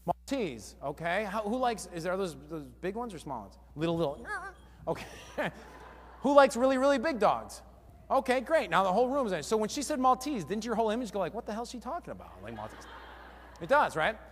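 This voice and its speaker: A fairly high-voiced man gives an energetic live seminar talk, firing questions at the crowd. His voice carries a long reverb from a large hall. He talks in a casual, punchy way. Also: fairly quick. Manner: energetic, quizzes the audience. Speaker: seminar speaker.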